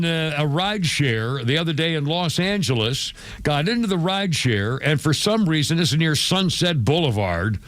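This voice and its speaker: A man's voice: sits high, a bit bright, no room sound. A man hosting a radio show, rambling through showbiz news in a casual chat with many fillers and chuckles.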